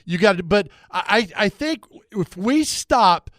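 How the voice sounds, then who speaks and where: A man's voice: high-pitched, expressive, fairly bright tone, dry recording. Eager male radio host, dry studio sound. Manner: enthusiastic, asks quick questions. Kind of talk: casual radio interview.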